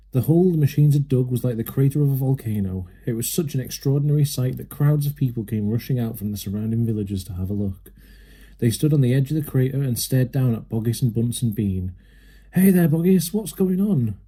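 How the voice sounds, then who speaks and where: A man narrating a children's storybook aloud with a steady, lively manner. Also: mid-range voice, breathy edge. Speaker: reader.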